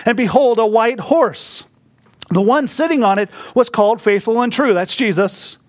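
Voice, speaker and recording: A man preaching a sermon, moving between quiet, hushed reflection and sudden bursts of emphasis. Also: extremely high pitch. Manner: slow, reflective preaching that drops to a hush and rises to bursts of emphasis. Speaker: pastor.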